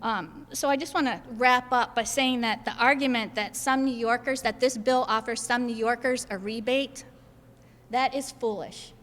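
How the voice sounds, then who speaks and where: A woman's voice: fairly high pitch, steady tone, normal speed, few pauses, a bit bright, big-room sound. A woman state senator giving an emphatic press conference speech, stacking her points in repeated lists. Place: indoor government building hall.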